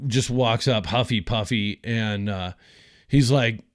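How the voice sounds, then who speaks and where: A man's voice: lowish voice, slow pace, dry recording, clean studio sound. Profane rambling man telling a story. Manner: rambling, profane, full of fillers. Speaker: podcast host. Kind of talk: casual storytelling.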